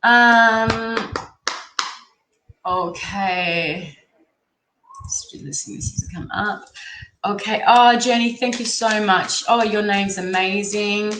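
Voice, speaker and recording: A woman's voice: medium pitch, fairly even intonation, slow pace, long pauses, a bit bright. A young Australian woman giving a live-streamed tarot reading, chatty and rambling as she thinks aloud. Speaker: tarot reader. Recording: roomy echo, faint background noise.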